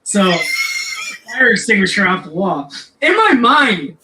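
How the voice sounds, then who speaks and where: A man's voice: sits high, big pitch swings, a little slow, heavy background noise. A man, a metal singer and podcast guest, telling a rambling, profane story in casual chat. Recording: echoey room.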